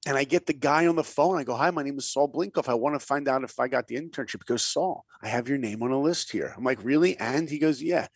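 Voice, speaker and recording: A man's voice: medium pitch, fast talker, few pauses, slightly rough, no room sound. A man telling stories as a guest in a podcast interview, acting out the voices in his anecdotes and dropping to a whisper for emphasis. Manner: lively storyteller, acts out quotes, drops to a whisper for emphasis. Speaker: guest, animator and director. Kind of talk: animated storytelling in a podcast interview.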